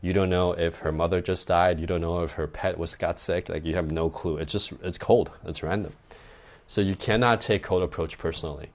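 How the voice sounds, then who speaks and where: This dating coach, a young adult man, has a deep voice with fairly even intonation and a slightly fast pace. In a loose podcast chat he gives casual advice, often using "like" and closing lines with "right?".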